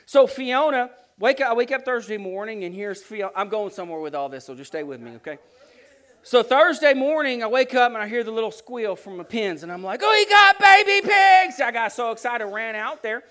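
A man preaching through a long personal story, animated and rambling, often restarting his sentences. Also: high-pitched, fairly quick. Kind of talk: storytelling sermon.

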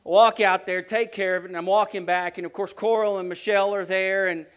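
High-voiced man telling an animated story. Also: a little fast, smooth. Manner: animated, rambling with many restarts. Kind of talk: storytelling sermon.

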